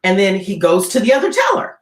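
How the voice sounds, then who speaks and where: Animated woman telling a story. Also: mid-range voice, brisk, faint music behind. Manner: animated, keeps checking in with "right?". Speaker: guest keynote speaker. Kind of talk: dramatic storytelling in an interview. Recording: roomy echo.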